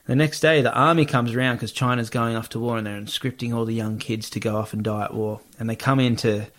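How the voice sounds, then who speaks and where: A young man telling a story in a relaxed, swear-heavy podcast chat, full of fillers. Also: mid-range voice, quick pace. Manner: laid-back, swears freely, lots of fillers.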